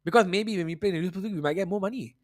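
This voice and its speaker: A man's voice: high voice, racing, no room sound, clean studio sound. A man hosting a football podcast, delivering a profane, mocking rant. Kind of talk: ranting football commentary.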